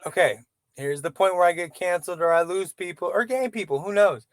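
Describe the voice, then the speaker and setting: Man, vlogger, casual rant, profane, rambling, high voice, faint music behind. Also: fairly quick, no echo. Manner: profane, rambling, self-doubting.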